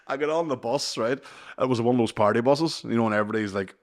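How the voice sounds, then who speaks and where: A man's voice: medium pitch, quick pace. A man in his thirties, casually telling a long funny story on a podcast, swearing often and laughing as he goes. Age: 30s. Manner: animated, swears a lot, laughs mid-story. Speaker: podcast co-host.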